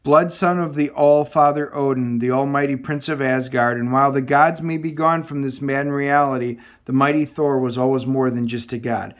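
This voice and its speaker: A man's voice: medium pitch, fairly even intonation, normal speed, hardly any pauses, close to an everyday voice. A man reading the lines of a proud male thunder god from a comic, in grand, formal, old-fashioned speech. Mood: proclaiming.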